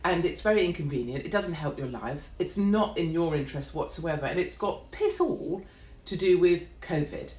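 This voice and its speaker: A woman's voice: lowish voice, animated, normal speed, darkish tone. A middle-aged British woman delivering a brash, sweary, sarcastic live-stream rant. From Britain. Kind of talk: ranting live-stream monologue. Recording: roomy echo.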